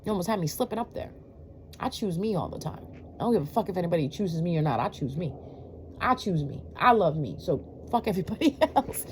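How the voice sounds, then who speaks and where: In a fast, fairly low voice with lively intonation, a tarot reader delivers a blunt, preachy monologue to viewers, swearing openly and firing rhetorical questions between fillers. A slight background noise is audible.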